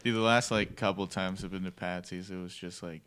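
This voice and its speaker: A man's voice: low voice, fairly quick, clear, resonant tone. A young man co-hosting a podcast, telling stories in casual chat with a lot of swearing and quoted voices. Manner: profane, animated storytelling with quoted voices. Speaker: podcast co-host, stand-up comic.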